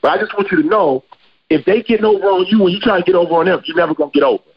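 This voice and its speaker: A man hosting a podcast in casual chat, a slangy, animated storyteller. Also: high-pitched, rapid-fire, dull audio. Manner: slangy, animated storyteller who acts out quotes. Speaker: podcast host.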